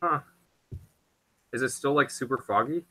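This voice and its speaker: A man playing in a tabletop game, speaking quietly and hesitantly. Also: medium pitch, normal speed, slightly rough. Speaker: player. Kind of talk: casual tabletop play.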